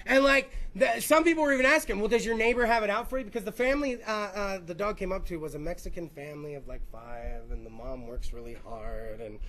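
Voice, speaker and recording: A man's voice: high voice, animated, fast, hardly any pauses, fairly bright tone. A man hosting a podcast, rambling through a crude, profane, jokey comedic rant. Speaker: podcast host.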